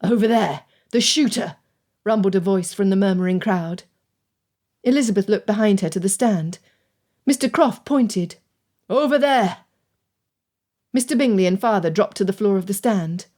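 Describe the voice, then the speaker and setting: A woman reading a period romance audiobook aloud with an expressive, dramatic delivery. Her voice sits in a middle range. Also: medium pitch, normal speed. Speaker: audiobook narrator. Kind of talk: scripted narration.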